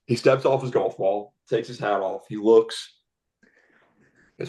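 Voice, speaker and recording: Young man, lowish voice, caddy, casual podcast storytelling, acts out dialogue, laughs a lot. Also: normal speed. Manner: animated storyteller acting out dialogue, laughing often. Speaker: golf caddy guest.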